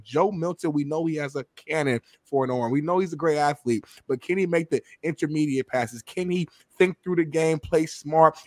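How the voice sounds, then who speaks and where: A man co-hosting a sports talk show, talking rapidly in a casual, chatty way. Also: a little high, no room sound, clean studio sound. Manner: rapid and talkative, defends himself at length. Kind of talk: casual chat.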